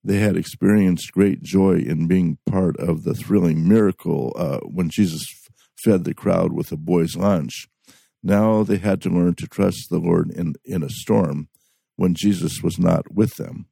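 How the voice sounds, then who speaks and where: A man's voice: low-pitched, measured pace, creaky, warm tone, husky, dry recording. A man giving a Bible study talk, reading scripture aloud with frequent restarts and fillers. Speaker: Bible teacher.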